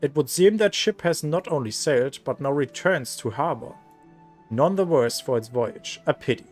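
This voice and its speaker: A man's voice: mid-range voice, lightly acted. A man voicing an earnest young male adventurer who speaks in a grand, formal way, reading game dialogue aloud.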